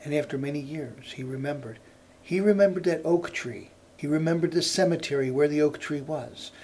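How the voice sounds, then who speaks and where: A male storyteller telling a folk tale in an unhurried cadence that repeats phrases for effect. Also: a little high, darkish tone.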